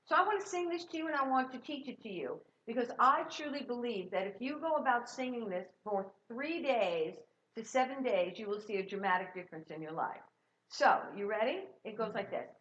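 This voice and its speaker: A middle-aged woman giving a sermon as guest minister, warm and encouraging as she leads the congregation. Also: on the high side, expressive, fairly quick, lo-fi sound. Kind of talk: sermon with sung jingles. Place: church sanctuary.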